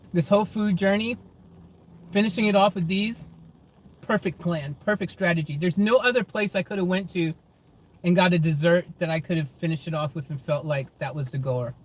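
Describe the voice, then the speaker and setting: A man's voice: high voice, moderate pace, long pauses, a little hiss or hum. A man chatting casually to viewers on a phone livestream from inside his car, laughing often.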